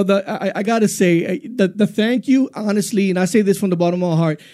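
A man hosts a music countdown with big, gushing energy, stumbling through restarts as he praises the artists. His voice sits high and sounds soft and mellow rather than bright. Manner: hyped, effusive, stumbling restarts. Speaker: radio DJ host. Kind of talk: countdown show hosting.

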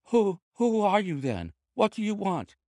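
A man's voice: mid-range voice, very animated, fairly quick, no echo, clean studio sound, voice pushed up, lightly acted. A man voicing a frightened, nervous little man who whines and quavers. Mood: whining. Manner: whining, quavering, anxious.

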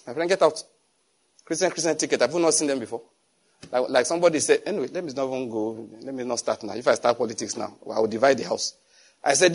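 A man with a Nigerian accent preaching a conversational, digressive sermon, swinging from hushed asides to loud emphasis. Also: mid-range voice, quick pace. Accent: Nigerian English. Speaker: pastor.

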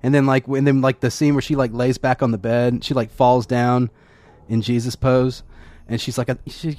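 A man's voice: medium pitch, little pitch movement, moderate pace, darkish tone, no room sound. Laughing, rambling man in casual movie chat. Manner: rambling, repeats words, laughs often, acts out quotes. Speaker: podcast co-host.

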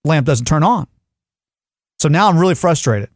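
A man's voice: on the high side, moderate pace, no room sound, studio quality. A man hosting a podcast, telling a comic story in casual chat and acting out his frustration. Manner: animated storyteller, acts out yelling at devices. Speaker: podcast host.

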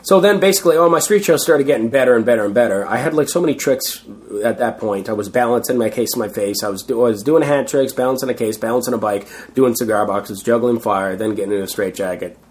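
A man's voice: mid-range voice, fast talker, few pauses. A Canadian man, a street performer, telling rambling, self-deprecating stories full of fillers in a casual interview.

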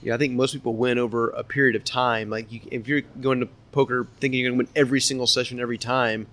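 A man's voice: medium pitch, flat delivery, fast, a bit bright. A man co-hosting a podcast, explaining his view in a casual manner with frequent restarts. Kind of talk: casual interview chat.

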